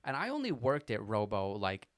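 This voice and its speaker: Young male co-host, animated, rambling storytelling chat. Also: fairly low pitch, moderate pace, dry recording, studio quality. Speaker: podcast co-host.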